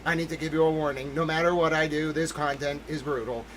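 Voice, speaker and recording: A man hosting a livestream, talking in an excitable, emphatic way and greeting chat members by name. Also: fairly high pitch, fast talker, slight background noise, poor audio. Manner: excitable, emphatic, keeps repeating "listen to me". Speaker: livestream host. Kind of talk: livestream commentary.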